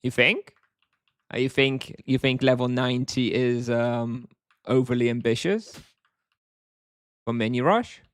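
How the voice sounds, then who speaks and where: A man talks casually to his chat while he plays, wry and offhand. His voice sits at an ordinary middle pitch. The sound is dry and close, with no room echo. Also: a little slow, pauses often. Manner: wry, offhand, answers chat between moves. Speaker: game streamer. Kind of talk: casual live-stream chat while gaming.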